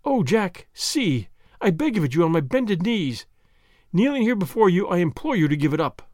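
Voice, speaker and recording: A man's voice: high-pitched, sing-song, fast, no room sound, clean studio sound. A man voicing an anxious, pleading nineteen-year-old woman in an audiobook reading, speaking emotionally and imploringly.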